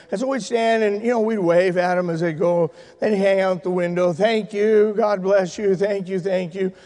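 Man, pastor, high voice, emotional sermon storytelling, shouting to hushed, long church reverb. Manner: emotional, swings from loud excited shouting to hushed tender speech. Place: church sanctuary.

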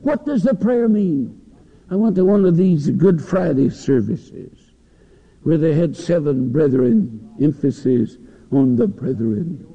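A man's voice: a little high, creaky, warm tone, slightly rough. A man preaching a sermon in a church, with passionate, rising and falling delivery. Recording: dull lo-fi recording in a long-echo hall.

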